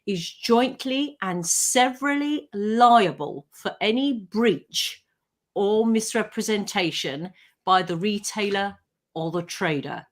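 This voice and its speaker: A woman, a legal expert on a live radio talk show, explaining consumer rights in a clear, measured way. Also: medium pitch, lively intonation.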